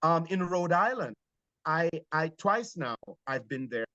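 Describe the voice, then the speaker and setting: Jamaican male stage actor, interview guest, lively anecdotes with some hesitation, slightly high voice, dull dry recording. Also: a little slow, dry recording. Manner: animated storytelling with hesitations. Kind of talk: conversational interview.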